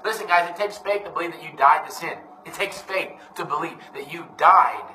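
A man's voice: fairly high pitch, fairly quick, hardly any pauses, bright, forceful tone, slight background noise. A man preaching an informal, emphatic sermon, often calling his listeners "man". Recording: echoey room, voice from a distance.

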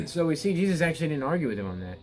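A man's voice: a little high, huge pitch swings, fast, gravelly, darkish tone, slight background noise, poor audio. A man preaching a Bible teaching sermon in an earnest way. He often repeats words and restarts his sentences, then rises to emphatic peaks.

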